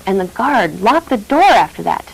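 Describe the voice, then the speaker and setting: A woman voicing an outraged male high priest who exclaims indignantly. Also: sing-song, normal speed, creaky, husky, heavily acted, poor audio. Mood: accusing.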